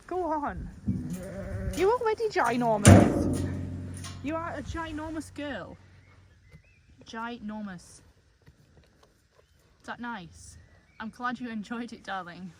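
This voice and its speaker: A woman's voice: on the high side, animated, slow pace, long pauses. A woman shepherd, chatting casually on her farm and cooing fondly at her sheep. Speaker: shepherd and farmer. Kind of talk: casual vlog narration on the farm. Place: outdoors on a farm among sheep. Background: sheep and faint outdoor noise.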